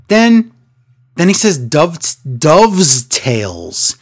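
A man's voice: a little high, sing-song, drawn-out words. A man co-hosting a casual wrestling recap, sarcastic and exasperated, often mimicking wrestlers in a raised voice. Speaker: wrestling podcast co-host.

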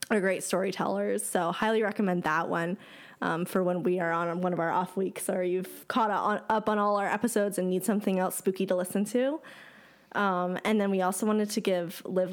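A woman co-hosting a paranormal podcast, chatting casually with many "like"s and "um"s, then reading a listener's story aloud. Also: medium pitch. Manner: chatty, laughs often, says "like" and "um". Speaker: podcast co-host.

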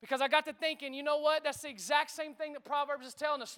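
A man preaching a sermon in a lively, conversational way, calling out to the congregation. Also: extremely high pitch, fast talker, few pauses. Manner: lively preaching with call-and-response asides. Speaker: pastor.

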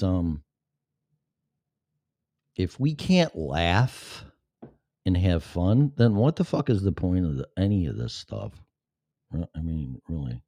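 A man's voice: low-pitched, dark tone, no room sound. A man hosting a podcast in a casual live-stream monologue, sarcastic, profane and rambling. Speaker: podcast host.

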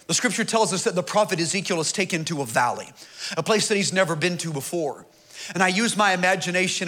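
A man's voice: sits high, pushed and bright. A middle-aged man preaching a sermon, telling humorous stories in an earnest way. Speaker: pastor.

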